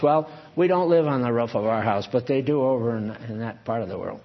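A man's voice: medium pitch, steady tone, moderate pace, vocal fry. A man preaching a sermon in a conversational, digressive way, reading scripture aloud and asking his listeners questions. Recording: dull lo-fi recording.

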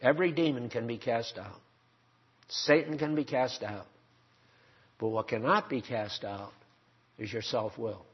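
A man's voice: mid-range voice, measured pace, pauses often, slightly rough. An older man preaching a sermon, emphatic and full of rhetorical questions put to his congregation. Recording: dull lo-fi sermon recording.

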